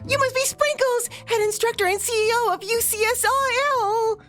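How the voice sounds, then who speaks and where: A woman voicing a bubbly, loyal young female student in a game read-aloud, squeaky and gushing. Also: moderate pace, fairly bright tone, faint music behind. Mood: eager.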